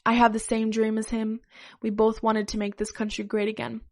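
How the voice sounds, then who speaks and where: Brash, dim-witted fanboy with shouty outbursts, put on by a woman reading a story. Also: high-pitched, monotone, normal speed. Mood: smug.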